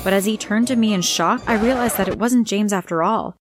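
A woman's voice: mid-range voice, fairly quick, over loud music. A woman reading a first-person story aloud in an earnest, plain way. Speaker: narrator.

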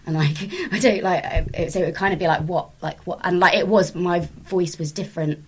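A woman from England, a podcast guest, talking casually in a halting way full of fillers. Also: lowish voice, breathy edge. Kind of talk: casual conversation.

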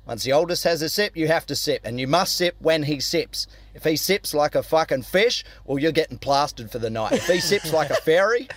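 A man's voice: a little high, dry recording. Blunt Australian man telling a yarn. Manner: crude, blunt storytelling. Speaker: caller. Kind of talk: recorded voice message story.

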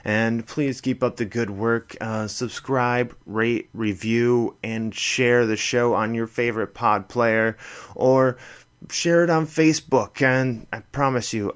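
Smooth, lowish man closing a podcast. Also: fairly bright tone. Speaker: podcast host. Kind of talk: show outro.

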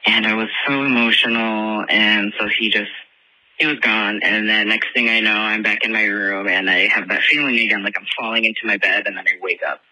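A man with a lowish but very bright, forward voice rambles through a story, leaning on filler words at almost every turn. It is a casual recorded message from a listener, told in a dry, close room with no echo. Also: steady tone, fairly quick.

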